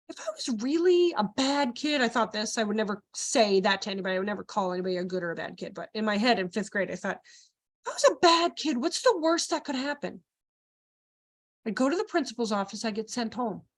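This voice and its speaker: A young woman leading a child care training workshop, joking with the audience and acting out quoted voices in a lively way. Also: medium pitch, fairly quick. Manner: animated, acts out quoted voices, jokes with the audience.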